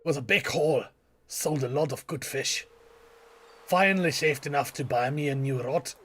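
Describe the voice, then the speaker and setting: A man doing a gruff old sea fisherman. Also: on the high side, normal speed, a bit bright. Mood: hearty. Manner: salty sailor talk.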